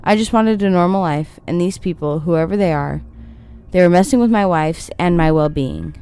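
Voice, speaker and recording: Low-voiced woman reading a horror story. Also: normal speed, mellow, clear, resonant tone. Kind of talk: scripted horror narration.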